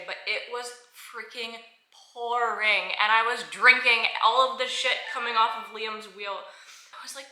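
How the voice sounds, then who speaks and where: A woman's voice: fairly high pitch, pushed and bright, roomy sound, poor audio. A woman vlogger talking casually and candidly, rambling and swearing freely as she shares her days. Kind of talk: casual chatty vlog.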